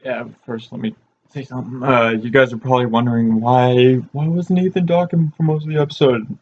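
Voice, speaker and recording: A man's voice: medium pitch, steady tone, brisk, lo-fi sound, slight background noise. A man co-hosting a review, giving his opinion in a casual, hesitant way with fillers.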